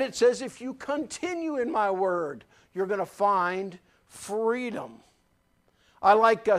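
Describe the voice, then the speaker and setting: A man with a notably high voice preaching a sermon. He talks emphatically, circling back to repeat key phrases. He mixes scripture with folksy anecdotes from his own life. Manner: folksy, tells personal anecdotes. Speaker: pastor.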